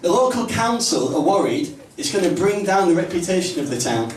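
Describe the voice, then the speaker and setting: A man with a Northern English accent doing a stand-up comedy set in a small pub club, with punchy, deadpan delivery. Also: high-pitched, a little fast, slight background noise. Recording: roomy, distant live mic, faint ambience.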